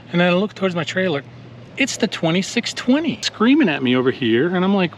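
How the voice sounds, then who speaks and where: The lawn care vlogger here sounds on the high side and fairly bright, talking fast with big swings in pitch. He chats and tells stories outdoors in a yard, greeting viewers as ninjas, and the lo-fi recording has slight background noise.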